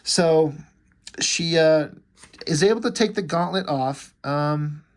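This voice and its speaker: A man's voice: fairly high pitch, slow. A man casually recapping a comic book issue, chatty and loose, swearing now and then and acting out what the characters say.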